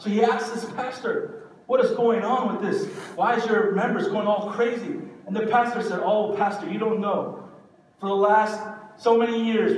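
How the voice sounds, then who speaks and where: A man, a pastor, preaching a sermon with an earnest, repetitive cadence. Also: high-pitched. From Korea. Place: church sanctuary. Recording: echoey hall, distant mic, faint hiss.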